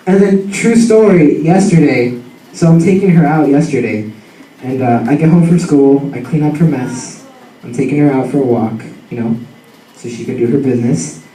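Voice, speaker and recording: A young man telling a funny story about his dog in an animated, slangy way full of fillers. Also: medium pitch, moderate pace. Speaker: student storyteller. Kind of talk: comic personal storytelling. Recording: roomy sound from a distant mic.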